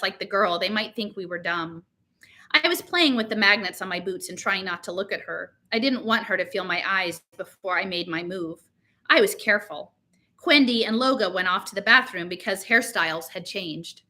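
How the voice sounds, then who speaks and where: A woman's voice: mid-range voice, animated, moderate pace, bright, forceful tone. A woman reading a novel aloud, narrating casually in teen slang. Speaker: reader.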